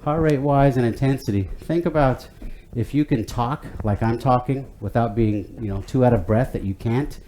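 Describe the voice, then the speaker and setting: A man's voice: medium pitch, moderate pace, few pauses, warm tone, slight background noise. A man leading a home workout class, talking in an easygoing, chatty way with many fillers and restarts. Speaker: fitness instructor. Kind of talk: guided workout instruction.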